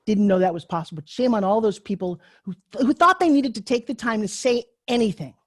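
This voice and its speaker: A woman in her sixties teaches a live online class as a pitch coach over a video call, speaking fairly quickly. She tells stories in a chatty, joking, candid way, and the recording is dry with clean studio sound.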